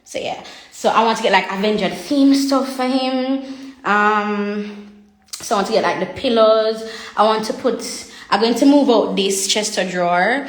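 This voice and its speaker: A woman's voice: medium pitch, measured pace. A young woman, chatting casually on a livestream and reading viewer comments aloud from her home. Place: home room. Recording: echoey room.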